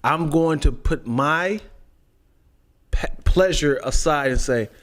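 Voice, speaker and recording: A man co-hosting a podcast, telling animated stories in casual chat, laughing and swearing. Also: fairly high pitch, takes it slowly. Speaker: podcast co-host.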